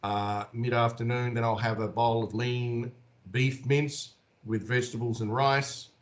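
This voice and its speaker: Animated Australian man telling stories. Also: mid-range voice, a little slow, highs cut off. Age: 40s. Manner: animated, acts out the voices in his stories. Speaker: interview guest. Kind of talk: casual storytelling in an interview.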